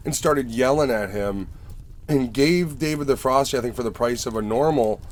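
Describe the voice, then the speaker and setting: Hosting a casual chat, a man tells profane, animated stories and acts out the characters in them. His voice is medium-pitched at a moderate pace, and the recording has no room sound.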